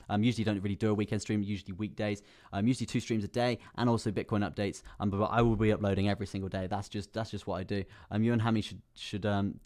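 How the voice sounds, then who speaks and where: A young man hosting a casual crypto live stream, chatting with viewers, reading their names aloud and laughing often. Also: fairly low pitch. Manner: chatty, reads chat names aloud, many fillers and laughs.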